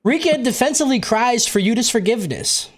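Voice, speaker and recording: A man recapping a movie for his co-hosts with crude humor. His pitch swings widely as he slips into goofy character bits. It sounds like casual, profane podcast banter. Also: lively intonation, brisk. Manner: profane, jokey, acts out characters in silly voices. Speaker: podcast host recapping a film. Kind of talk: casual comedic chat.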